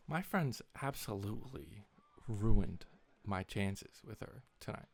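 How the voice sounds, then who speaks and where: A man's voice: on the low side, takes it slowly, vocal fry, hardly any pauses. A young man in a casual, rambling vlog, retelling a story in an exasperated tone with lots of swearing. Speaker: vlogger.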